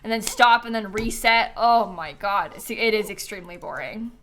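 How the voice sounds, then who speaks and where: A woman's voice: medium pitch, normal speed, fairly bright tone, slight background noise. A woman chatting casually on a live stream while she plays a life-sim game, giggling often and answering questions from chat.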